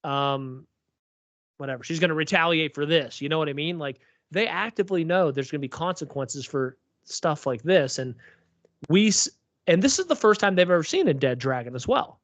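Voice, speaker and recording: Higher-voiced man in casual recap chat. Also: expressive, a little fast, no echo. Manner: rambling, lots of "like" and "um". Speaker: podcast co-host. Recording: dull lo-fi recording.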